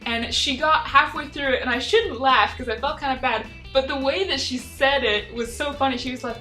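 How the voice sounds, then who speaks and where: A young woman telling travel stories in a chatty, excitable, geeky vlog. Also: sits high, normal speed, hardly any pauses, faint music behind. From United States. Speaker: travel vlogger. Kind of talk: casual storytelling vlog.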